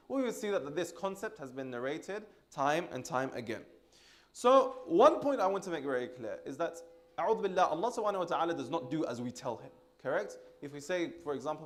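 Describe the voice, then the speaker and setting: A man's voice: on the high side, fairly bright tone. A man giving a sermon, asking rhetorical questions, checking in with "correct?", and weaving Arabic religious terms into English. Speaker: speaker at a religious gathering.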